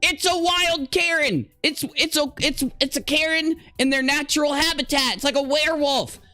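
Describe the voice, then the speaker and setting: A man live-streaming reactions to clips, excitable and quick to exclaim and laugh. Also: extremely high pitch, no room sound, soft background music. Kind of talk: casual reaction commentary.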